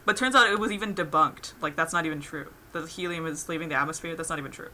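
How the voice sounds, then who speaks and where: A woman's voice: low-pitched, fast, few pauses, pushed and bright, a little hiss or hum. A young woman chatting casually on an art stream, rambling with lots of fillers. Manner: rambling, lots of "like" fillers, laughs through stories. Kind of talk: casual chat while drawing on stream.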